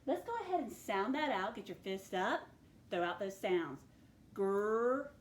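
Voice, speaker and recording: A woman teacher leading a recorded phonics lesson, clearly sounding out words and letters for her students. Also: medium pitch, very animated, normal speed, roomy sound. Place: classroom with a board.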